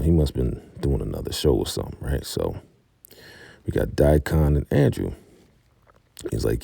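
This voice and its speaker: A man's voice: a bass voice, lively intonation, moderate pace, gravelly, warm tone, breathy edge, no room sound. A man giving a casual, laid-back recap of a TV episode who chuckles often and talks to his viewers as y'all. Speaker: TV recap reviewer.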